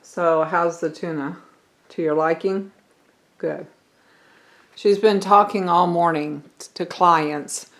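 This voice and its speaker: A woman's voice: fairly low pitch, fairly even intonation, takes it slowly, long pauses, rough recording. Chatty older homesteading woman. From Missouri. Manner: homely, chatty, talks to viewers as friends. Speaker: vlogger. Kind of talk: casual vlog chat to camera. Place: home kitchen. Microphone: handheld camera.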